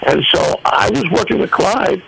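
An older man with a high, gravelly voice that swings widely as he spins stories for a radio interview. He acts out every bit of dialogue with animated energy. A faint hiss sits under the recording. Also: moderate pace, rough recording. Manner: animated storyteller acting out dialogue. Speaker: guest singer.

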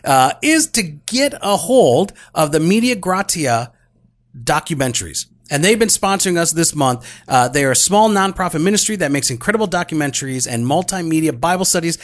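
A man with a somewhat higher voice that moves around a lot in pitch, chatting on a podcast. He keeps it loose with fillers and a "right?" here and there, and needles his co-host in a friendly way. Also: very animated, a little fast. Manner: conversational, fills with "uh" and "right?", ribs his co-host. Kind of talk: casual discussion and host-read sponsor segment.

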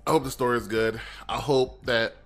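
A man's voice: medium pitch, brisk, faint music behind. A man co-hosting a casual podcast, swearing freely and acting out voices as he talks. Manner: animated, swearing, acts out voices. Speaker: podcast co-host.

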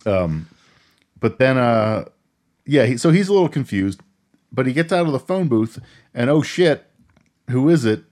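A man co-hosting a casual movie podcast, rambling through the plot with laughs and quick character impressions. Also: mid-range voice, very animated, a little mellow. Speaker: podcast co-host. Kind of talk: casual movie recap chat.

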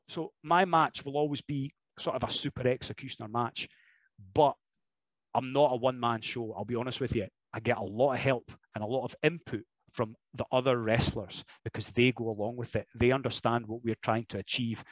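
A man's voice: mid-range voice, a little fast, no room sound, rough recording. A Scottish man holds forth as a podcast guest with an easygoing, jokey energy. His voice sits in a plain middle register. The recording is close and dry with no room sound. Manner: animated, jokey storyteller who slips into impressions and laughs. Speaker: professional wrestler guest. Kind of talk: casual podcast interview chat.

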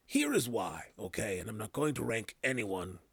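A man's voice: lowish voice, big pitch swings, normal speed, vocal fry, fairly bright tone, husky, dry recording. A man hosting a casual podcast, rambling with loose slang, trailing off and restarting his thoughts. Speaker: podcast host. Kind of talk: casual chat.

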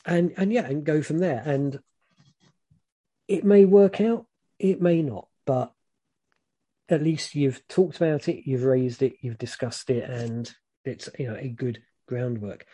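A British man giving frank, relaxed advice in casual chat, rambling with many fillers. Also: mid-range voice, a little slow.

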